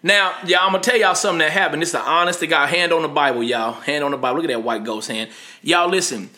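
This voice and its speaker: Podcast co-host, man, fast and lively, brightly voiced. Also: fairly high pitch. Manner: animated, laughing storyteller. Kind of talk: casual storytelling chat.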